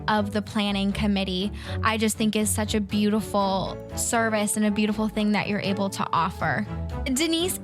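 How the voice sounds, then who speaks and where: A young woman hosting a wedding-planning show, narrating and interviewing guests with effusive gratitude. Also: mid-range voice. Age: young adult. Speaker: host. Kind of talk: hosted podcast narration and interview.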